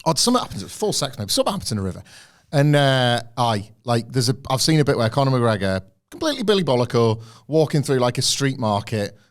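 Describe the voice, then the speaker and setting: A man co-hosting a podcast, rambling through animated stories in casual chat. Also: mid-range voice, fast talker. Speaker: podcast co-host.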